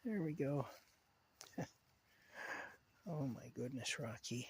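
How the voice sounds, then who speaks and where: A man's voice: mid-range voice, expressive, slow pace, a little hiss or hum. A man, chatting in a rambling, casual way outdoors in a rural yard at night and talking fondly to his cat. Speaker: vlogger.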